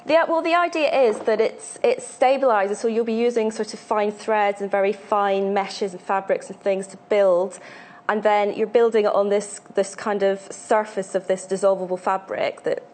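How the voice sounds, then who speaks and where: A woman's voice: medium pitch, fairly even intonation, normal speed, darkish tone. Enthusiastic Scottish woman explaining crafts. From Scotland. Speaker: studio guest presenting sewing books. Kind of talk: casual on-air chat.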